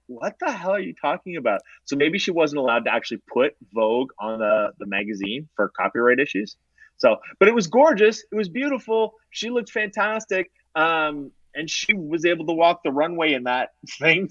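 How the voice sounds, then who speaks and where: A man as a guest in a casual podcast chat, opinionated and playful with quick asides. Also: on the high side, lively intonation, fairly bright tone, no echo, lo-fi sound.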